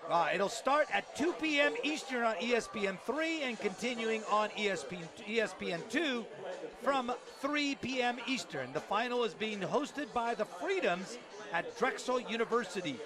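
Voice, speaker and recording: Upbeat high-voiced male sports commentator. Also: expressive, normal speed, a crowd in the background. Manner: upbeat, promotional, shouts out highlights. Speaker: play-by-play commentator. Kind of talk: tennis broadcast commentary. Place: outdoor tennis venue at a resort.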